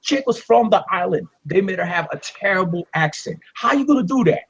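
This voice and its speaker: A man's voice: high voice, expressive, fairly quick, vocal fry, breathy edge. A man co-hosting a gaming podcast, joking animatedly and laughing a lot. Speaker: podcast co-host. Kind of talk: casual chat. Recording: dull lo-fi mic with faint hiss.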